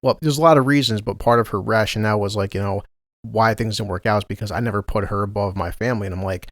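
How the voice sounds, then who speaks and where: A man's voice: lowish voice, quick pace, dry recording, clean studio sound. A man, a podcast co-host telling a family story in casual, profane chat and laughing often.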